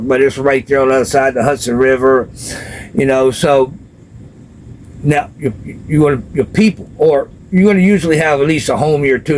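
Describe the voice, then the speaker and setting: A man's voice: medium pitch, darkish tone, rough recording. Male vlogger, street-slang storyteller, casual and unscripted, faint background hiss. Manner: street slang, loose, repeats "you know". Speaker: vlogger describing prison life from experience.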